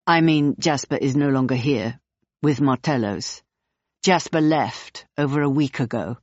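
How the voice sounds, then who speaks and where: Lady doing a cagey circus woman, short flat answers, odd accent, muffled dry sound. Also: very deep voice, dry recording. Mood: guarded. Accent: hard to place. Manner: terse, flat and deliberate. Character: guarded adult female circus performer.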